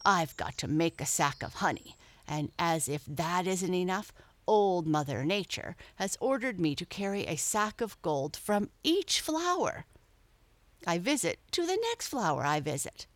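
A woman's voice: fairly low pitch, sing-song, unhurried, dry recording. A woman voicing a fussy, grumbling male bumblebee in a storybook reading. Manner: grumbling, complaining.

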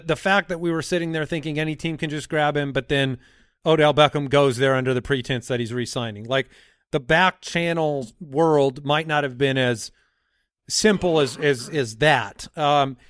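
Man, podcast host, casual chat, somewhat high voice, dry close sound. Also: a bit bright, smooth, dry recording. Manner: leads the segment, reads names in a quick quiz.

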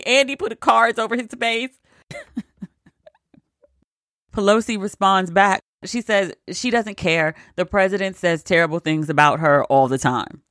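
A woman's voice: mid-range voice, unhurried, fairly bright tone, dry recording, studio quality. A woman giving casual, sarcastic news commentary, cursing and laughing often. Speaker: commentary vlogger.

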